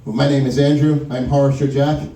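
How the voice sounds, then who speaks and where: A man's voice: mid-range voice, level tone, fairly quick, mellow. A stand-up comedian, a man, telling self-deprecating, rambling stories on stage in a lounge. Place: wine lounge, live stage. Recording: roomy live room from far off.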